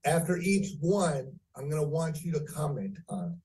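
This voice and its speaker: A man teaching phone sales, speaking deliberately and varying pitch and pace for effect. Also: darkish tone, far from the mic, low-quality recording. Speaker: sales trainer. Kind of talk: training lecture.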